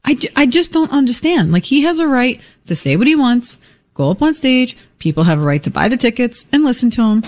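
A woman's voice: a little high, very animated, brisk, darkish tone. A woman co-hosting talk radio, speaking emphatically and with exasperation in an opinionated chat.

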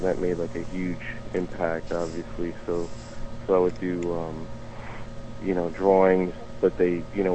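A guest artist in his forties answers interview questions loosely and ramblingly, with many ums and restarts. His voice is low and darkish, and the recording is dull and lo-fi with faint noise.

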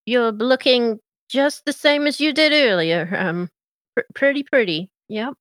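A woman's voice: fairly high pitch, a little slow, a bit bright, no room sound, pitched above the performer's own voice. A woman voicing a bashful, awkward small-town male deputy who stammers eagerly.

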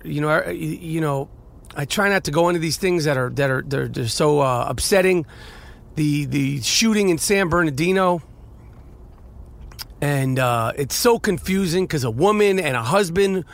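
A man's voice: on the high side, vocal fry, a bit bright. A man hosting a solo podcast from his car, rambling and profane with many restarts, his voice congested from a nasal infection. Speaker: podcast host. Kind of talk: casual solo podcast monologue.

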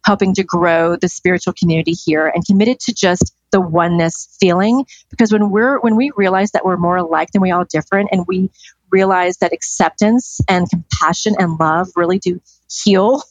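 A woman's voice: on the low side, normal speed, dry recording, dull audio. A middle-aged woman chatting as a podcast guest, telling stories in an enthusiastic, free-flowing way. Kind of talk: casual interview chat.

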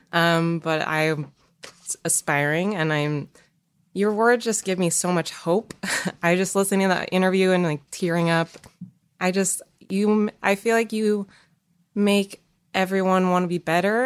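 Effusive woman, low smooth voice. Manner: effusive, quick, earnest. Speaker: guest asking a question. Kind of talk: podcast conversation.

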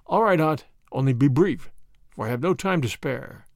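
A man's voice: fairly high pitch, lively intonation, moderate pace, gravelly, no echo. Man voicing boer commandant, stern, authoritative, firm, dry close sound. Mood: brisk.

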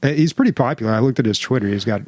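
A man co-hosting a casual gaming podcast, talking in a hesitant, measured way. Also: mid-range voice, lively intonation, darkish tone, dry recording. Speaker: podcast co-host. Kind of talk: casual chat.

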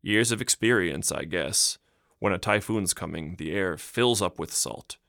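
A man's voice: low voice, measured pace, creaky, a bit bright, no room sound, clean studio sound, exaggerated voice. A man reading an audiobook, voicing an older village mayor who talks emphatically and insists he is right. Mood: musing. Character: old village mayor, insistent and self-assured.

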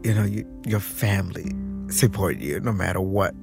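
A man in his thirties from Minneapolis, telling a personal story in an animated way and acting out the voices of others. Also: sits low, moderate pace, creaky, over loud music. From Minneapolis, USA. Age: 30s. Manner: animated, acts out quoted voices. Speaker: interview guest, drag performer.

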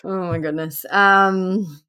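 A woman's voice: medium pitch, bright, forceful tone, smooth. A woman hosting a podcast who narrates a case in a casual way, reading quotes aloud and adding asides. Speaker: podcast host. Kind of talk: casual true-crime narration.

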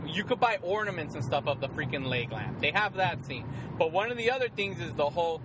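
A man chatting casually about a movie, excitable and laughing often as he retells scenes. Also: a little high, fairly quick, background noise. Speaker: co-host of a movie discussion. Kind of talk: casual chat.

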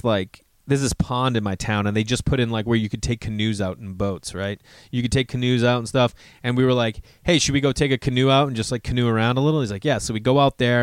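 An American man in his forties tells a long personal story in a loose, rambling way, swearing often. He jumps into quick bits of dialogue as he goes. His voice is mid-pitched and sounds dry and close, with no room echo. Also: clean tone. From United States. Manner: rambling, profane, acts out quoted dialogue. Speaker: comedian.

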